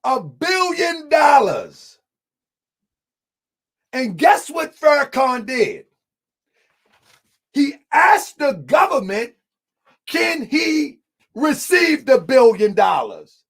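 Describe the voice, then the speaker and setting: Debater: a man with a strikingly high voice, shouts his points and hammers them home with repeats. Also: sing-song, extremely slow, creaky, pauses often. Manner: emphatic, often shouting, repeats lines for effect; addresses the audience as family. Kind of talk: heated live debate.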